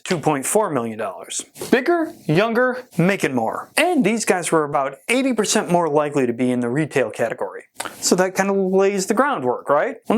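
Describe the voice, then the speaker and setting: A folksy man hosting a podcast, breezing through survey numbers with playful asides. His pitch leaps around constantly, full of animated swoops and punches. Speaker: podcast host. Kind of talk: casual talk presenting survey data.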